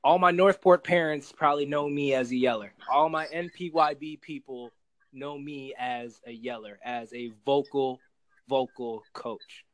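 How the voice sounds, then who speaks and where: A man who coaches youth sports, talking animatedly on a podcast and sometimes shouting out sideline calls. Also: mid-range voice, steady tone, a little slow, poor audio. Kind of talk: casual podcast chat.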